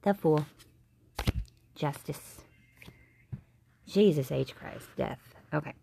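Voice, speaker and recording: Low gravelly tipsy woman. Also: takes it slowly, a little hiss or hum. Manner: rambling, profane, deadpan jokey. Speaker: host. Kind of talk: comedic tarot reading stream.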